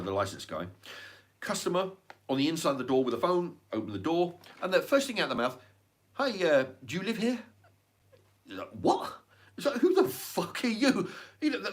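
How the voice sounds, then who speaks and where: An English man, middle-aged, ranting in a rambling casual monologue full of restarts and swearing. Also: mid-range voice. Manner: rambling, swears a lot, many restarts and fillers. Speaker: channel host.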